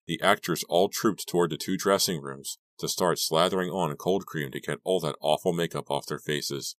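A man reading a teen horror audiobook aloud, narrating in the first person with a steady, measured pace. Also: very deep voice, dry recording, studio quality. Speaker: audiobook reader.

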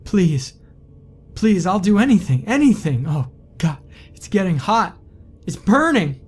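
A man voicing a cowardly teenage boy who pleads in a quivering, frantic voice, pushed high and loud. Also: moderate pace, faint music behind, lightly acted. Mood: terrified.

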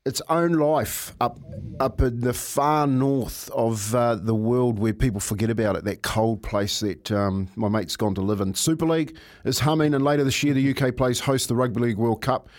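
A man in his fifties hosts a sports radio show with easy, joking banter. His voice sits in a middle pitch and keeps a casual, matey tone. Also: moderate pace.

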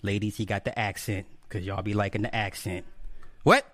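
This livestream host is an adult man with a lowish, slightly bright voice and fairly even intonation, speaking at normal speed. He jokes, swears openly, and greets viewers by name one by one in a casual chat.

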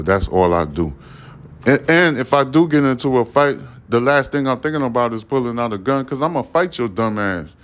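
A man's voice: on the low side, a little hiss or hum. A man in his forties hosting a podcast, telling stories in a casual monologue full of profane street slang and asides. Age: 40s. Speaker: podcast host.

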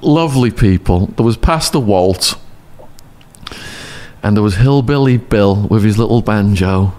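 A man's voice: fairly low pitch, measured pace. A man animatedly telling a story as a podcast guest, laughing often. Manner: animated storyteller, lots of laughing and acted quotes. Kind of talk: casual storytelling.

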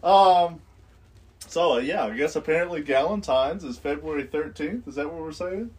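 A man's voice: fairly high pitch, normal speed, a little mellow, slightly rough. A man co-hosting a casual podcast, joking and hesitant with frequent fillers. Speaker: podcast co-host.

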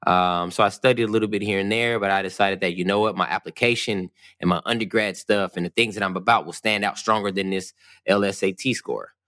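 A man telling a personal story in relaxed casual chat, with many ums and a self-deprecating tone. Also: low voice, fairly quick, dry recording, studio quality. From US West Coast.

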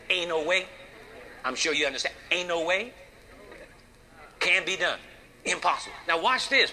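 A man delivering a sermon with a very bright, cutting tone and a slightly raised pitch. He talks in a folksy, emphatic way. He leans on dramatic pauses and rhetorical questions. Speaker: preacher.

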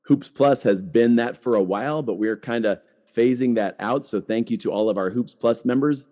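A man's voice: mid-range voice, moderate pace, warm tone. A middle-aged man hosting a podcast, talking casually with lots of "like" and restarts. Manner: chatty, full of "like" and restarts. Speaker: podcast host.

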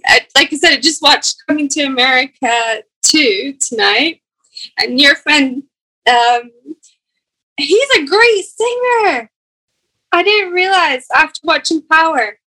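A Scottish woman, a professional golfer, chatting as a guest on a podcast, often pausing to search for words. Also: sits high, lively intonation, bright, forceful tone, rough recording. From Scotland. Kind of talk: casual podcast chat.

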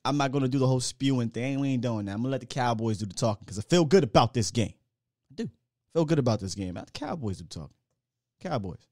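A man's voice: medium pitch, expressive, fast talker, no room sound, clean studio sound. Hyped man hosting a live sports show. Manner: hyped, slangy, shouts out chat. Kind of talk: live sports talk stream.

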